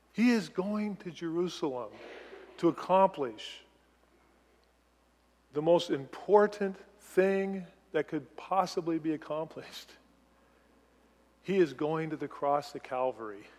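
A man preaching a sermon as pastor, animated, putting questions to the congregation. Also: a little high, in a large hall.

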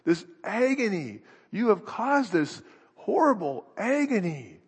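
Husky preacher in an echoey hall. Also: male voice, high-pitched, very animated, slow. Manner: earnest, searching, thinking aloud with restarts. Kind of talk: sermon.

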